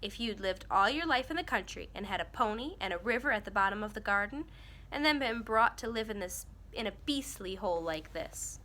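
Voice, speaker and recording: Sulky young boy in a storybook, read by a woman. Wound-up and defensive, bright tone. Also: medium pitch, expressive, a little fast.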